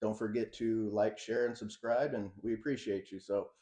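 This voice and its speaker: A man co-hosting a reaction video, chatting casually, animated and boastful, rambling with fillers. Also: lowish voice, moderate pace, reverberant. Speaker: co-host of a reaction channel.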